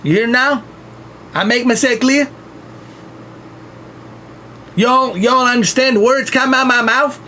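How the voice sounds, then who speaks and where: A rowdy Southern backwoods man hollers in a thick put-on Southern drawl, as a man puts him on. The voice sits high and pushes loud, bossy and drawling. A faint hum runs underneath. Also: slow pace, long pauses, heavily acted. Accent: put-on American Southern.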